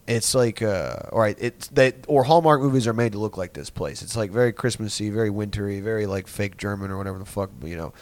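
A man's voice: fairly low pitch, a little fast, few pauses, darkish tone. Rambling, swearing young man. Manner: rambling, profane, full of filler words. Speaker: podcast host. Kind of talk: casual storytelling.

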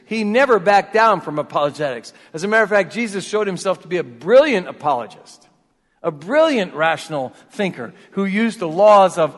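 A male pastor, delivering an earnest, reasoning sermon with frequent restarts. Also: a little high. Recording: reverberant hall.

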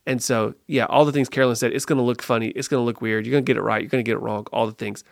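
Gravelly man telling an earnest story. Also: mid-range voice, racing, no echo, clean studio sound. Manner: earnest, lively anecdote-teller who restarts phrases. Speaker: podcast co-host being interviewed. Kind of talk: casual conversational storytelling.

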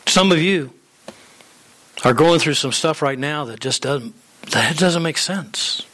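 A man's voice: a little high, lively intonation, slow pace, fairly bright tone. A man, a pastor, preaching a sermon in an earnest, emphatic way with rhetorical questions.

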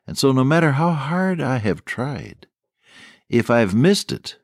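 A man's voice: mid-range voice, big pitch swings, measured pace, no room sound, clean studio sound. An older man preaching a radio sermon, telling stories in a folksy, earnest way.

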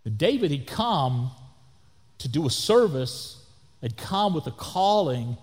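Male pastor, sermon, lively swinging pitch, higher voice, long hall reverb. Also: takes it slowly. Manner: animated, preacherly, acts out quotes.

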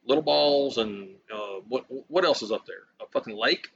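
Bright-voiced man, profane rambling. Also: medium pitch, normal speed. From Louisiana. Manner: rambling, profane, trash-talking. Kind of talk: casual profane storytelling. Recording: dull lo-fi recording, faint hiss.

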